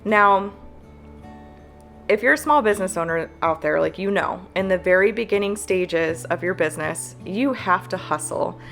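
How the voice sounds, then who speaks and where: A woman in her thirties with a small business, talking candidly to camera, earnest and halting with fillers. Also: medium pitch, expressive, a bit bright, faint music behind. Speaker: planner business owner.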